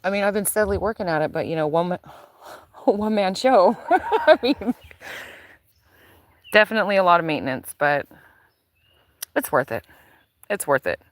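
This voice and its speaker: A woman's voice: fairly low pitch, fairly quick, pauses often, dry recording. A woman giving a casual, chatty tour of her backyard garden outdoors, talking into a handheld phone and using plenty of fillers. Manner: chatty and relaxed, with frequent fillers. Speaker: gardener showing her property. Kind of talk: casual live-stream chat.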